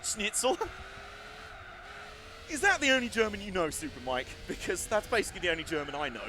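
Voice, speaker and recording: A man with a fairly high, bright and forceful voice, talking his way through a racing game on a live stream. He rambles into asides and pokes fun at himself. A faint hiss of noise sits under the desk mic. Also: very animated, fairly quick. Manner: chatty, self-deprecating, rambling asides.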